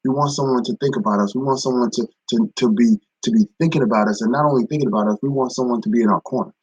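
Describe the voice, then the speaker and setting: Speaking very fast in a slightly rough, medium-pitched voice, a ministry speaker delivers a casual devotional on a live stream, repeating himself and calling out viewers by name. There is no echo, but the recording quality is low.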